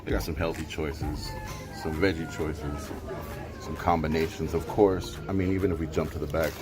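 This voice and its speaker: A man's voice: a bass voice, level tone, moderate pace. A man in his forties, a toy store owner, talking eagerly in a casual vlog and describing things in loving detail. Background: loud background music.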